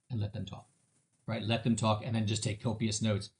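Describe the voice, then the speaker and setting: A man's voice: lowish voice, fairly quick. A man talking as a sales trainer in a casual interview, telling stories and acting out other people's voices with lots of restarts. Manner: animated storyteller, acts out voices of customers; many fillers and restarts.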